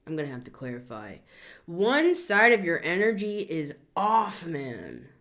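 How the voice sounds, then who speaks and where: Her pitch swoops wildly while her pace stays measured and her tone a bit bright: a thirty-something tarot reader bluntly scolding her way through a casual reading, punctuated by sudden high outbursts.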